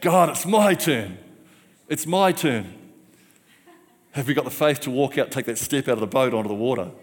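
A man's voice: mid-range voice, expressive, brisk. Rousing male preacher in a reverberant hall. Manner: rousing, repeats call-and-response phrases. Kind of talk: sermon. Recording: long church hall reverb.

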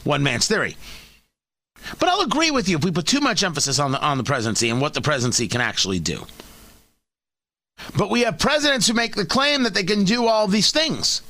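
Bright, high-pitched, lively male radio host. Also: dry recording. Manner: emphatic and combative, repeats words when starting a point. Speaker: radio talk show host. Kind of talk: opinionated talk radio monologue. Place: radio studio.

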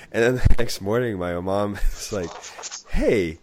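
A man co-hosting a podcast who is sick with a flu or cold, telling animated stories and laughing at himself. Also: lowish voice, takes it slowly, heavy background noise. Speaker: podcast co-host. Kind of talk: casual chat.

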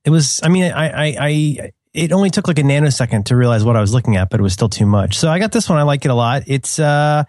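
A man's voice: on the high side, lively intonation, fast talker, few pauses, darkish tone, dry recording, studio quality. A middle-aged man chatting casually as a podcast co-host, rambling with many restarts and laughing at his own jokes. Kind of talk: casual chat.

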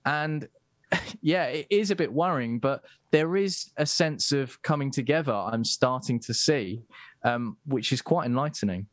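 Man, guest commentator, halting delivery, many restarts, mid pitch, dry close sound. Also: dry recording. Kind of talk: casual political discussion.

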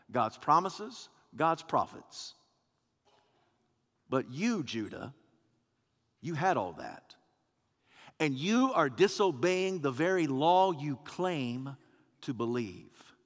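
A preacher voicing God, stern and low. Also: male voice, big pitch swings, slow, long pauses, long reverb tail. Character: God, stern and deliberate male divine voice.

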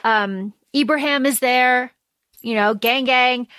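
A woman co-hosting a podcast, chatting casually as she recaps a novel and quotes its characters in lively voices. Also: high-pitched, slow, dry recording, studio quality. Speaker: podcast co-host. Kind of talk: casual book discussion.

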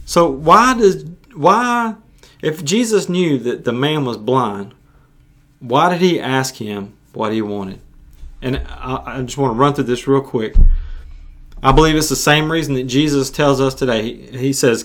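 A man's voice: mid-range voice, a little slow, fairly bright tone. Earnest preaching man. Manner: earnest, repetitive, with frequent restarts. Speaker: preacher, podcast host. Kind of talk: sermon.

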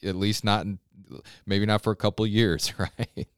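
A man's voice: fairly low pitch, level tone, moderate pace, clear, resonant tone, dry recording, studio quality. A man, a pastor, giving an earnest, conversational scripture devotional on a podcast and often checking in with listeners.

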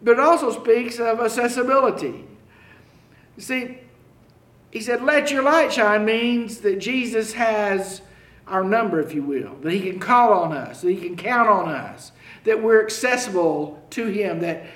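A man preaching a sermon, slow and halting, often repeating key phrases for emphasis. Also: sits high, fairly bright tone, roomy sound. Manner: slow, halting delivery with frequent fillers and restarts.

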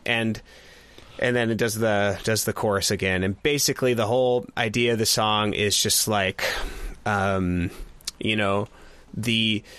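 A man with a fairly low voice talks through a song in a loose, rambling way, packing his sentences with fillers and breaking into laughs. The sound is dry and close, with no room around it. He sounds like a podcast co-host in casual chat. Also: fairly bright tone, no room sound. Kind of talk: casual music review chat.

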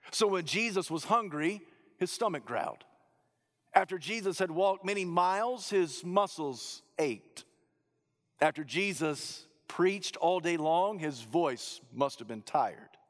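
A man preaching a sermon, rising to loud emphatic peaks and dropping to low, hushed phrases. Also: big-room sound.

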